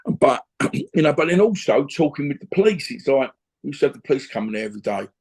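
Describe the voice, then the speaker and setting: In an interview, a middle-aged former boxer and gym owner tells a rambling story, often tossing in "you know what I mean". His slightly high voice is gravelly, husky and a little mellow, and he talks fast with lots of animation.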